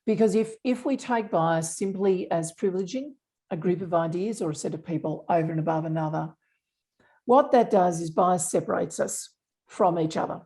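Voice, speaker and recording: A woman speaks as an interview guest, her voice mellow and warm-toned. She explains her points earnestly, stressing key words with conviction. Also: on the low side, moderate pace. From Australia. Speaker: unconscious bias specialist. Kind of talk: interview conversation.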